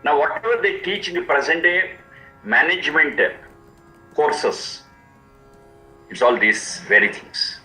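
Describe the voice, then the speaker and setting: A man teaching a scripture, explaining each word slowly and repeating its meanings. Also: fairly high pitch, sing-song, sharp tone, roomy sound, faint music behind, rough recording. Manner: slow, repetitive word-by-word explanation. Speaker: Vedic teacher. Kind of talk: explanatory lecture.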